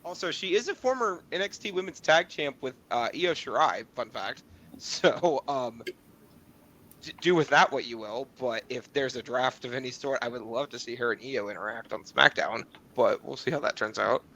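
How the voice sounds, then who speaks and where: A man's voice: medium pitch, expressive, normal speed, bright, forceful tone. A man co-hosting a podcast in casual chat, building his argument step by step with examples. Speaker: podcast co-host.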